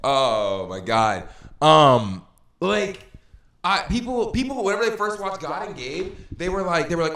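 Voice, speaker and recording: A man hosting a casual podcast chat, rambling and animated, laughing often as he talks. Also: a little high, a little slow, reverberant. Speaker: podcast host.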